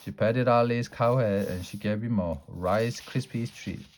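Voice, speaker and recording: A man reading a children's chapter book aloud in a lively storytelling way, now and then stumbling over a word. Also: on the low side, unhurried. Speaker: storybook reader.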